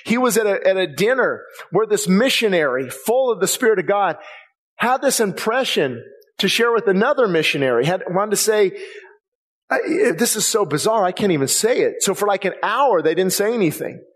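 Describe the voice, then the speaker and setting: A man's voice: high voice, very animated, normal speed. A man preaching a sermon as a pastor, impassioned and conversational, often repeating himself as he presses a point. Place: church sanctuary. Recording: long reverb of a church hall.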